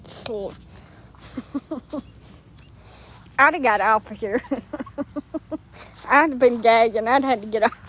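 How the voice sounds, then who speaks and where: Lady in her 30s rambling a story outside, slow drawl, kinda high voice, swears, makes fun of herself, faint outdoor hiss. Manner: blunt, salty, self-mocking, drawling. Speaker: storyteller vlogger. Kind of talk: casual storytelling. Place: outdoors on rural property with dogs.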